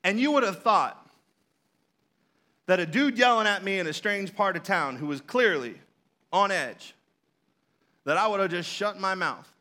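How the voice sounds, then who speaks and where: Bright-voiced pastor preaching. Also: male voice, high voice, lively intonation, a little slow, long pauses. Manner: storytelling, conversational, with playful asides to the congregation. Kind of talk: sermon.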